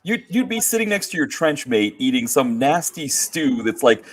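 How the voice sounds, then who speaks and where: A man's voice: mid-range voice, sing-song, moderate pace. A middle-aged man co-hosting a casual movie chat, rambling and agreeable, full of fillers. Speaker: co-host.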